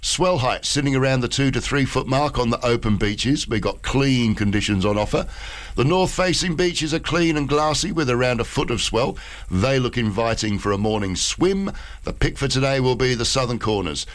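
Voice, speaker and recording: Australian man, easygoing radio co-host, dry humour, lively pitch. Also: moderate pace. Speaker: radio co-host reading the surf report. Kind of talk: casual radio chat.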